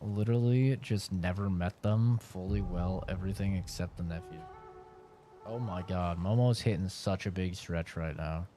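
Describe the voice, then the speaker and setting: A man's voice: sits low, normal speed, dark tone, soft background music. A male game streamer chatting casually with his viewers. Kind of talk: casual live-stream chat.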